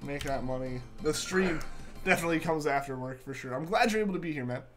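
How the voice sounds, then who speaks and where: Over soft background music, a young game streamer chats fast with his audience in a fairly high, somewhat bright voice. He repeats himself frequently and sounds congested while getting over a sore throat.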